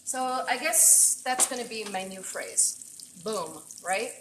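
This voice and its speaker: Taking it slowly in an animated, medium-pitched voice, a woman chef streams a cooking session from her home kitchen, gushing to viewers with frequent exclamations and bits of Spanish. The audio is reverberant, with heavy background noise.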